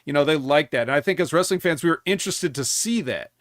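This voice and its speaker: A man's voice: fairly high pitch, animated, fast talker, a bit bright, no echo, clean studio sound. A man on a podcast panel in casual chat, thoughtful and hedging, often restarting sentences.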